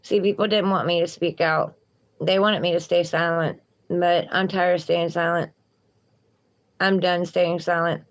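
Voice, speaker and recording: Speaking at a measured pace with a lowish voice and flat delivery, a tarot reader with a Southern accent works through cards on a livestream. She offers viewers encouragement as she chats.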